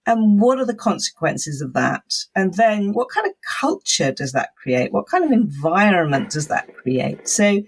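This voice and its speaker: A woman guest on a podcast talks through ideas in a measured, explanatory way. She laughs easily as she goes. Her voice sits at a middle pitch for a woman. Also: very animated, a little hiss or hum. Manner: thoughtful, explanatory, often laughing. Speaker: podcast guest, communication expert. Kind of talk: conversational podcast interview.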